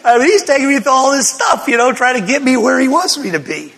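A man's voice: very high voice, sing-song, quick pace, gravelly, hardly any pauses, a bit bright, in a large hall, a little hiss or hum. An older man, a pastor, telling a personal testimony to his congregation as an emotional storyteller who laughs between lines.

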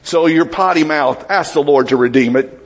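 A man's voice: fairly high pitch, moderate pace, highs cut off. A man preaching a sermon in a conversational way, asking the congregation questions and acting out voices from the Bible.

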